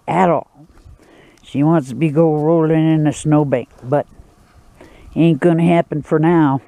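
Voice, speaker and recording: A man talking to his camera outdoors in the woods while he cooks over a campfire. His voice sits a little high but sounds mellow and dark, and he takes his time with every line. He keeps it folksy and joking. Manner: folksy, joking, laid-back. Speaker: vlogger cooking outdoors. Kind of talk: casual outdoor vlog narration.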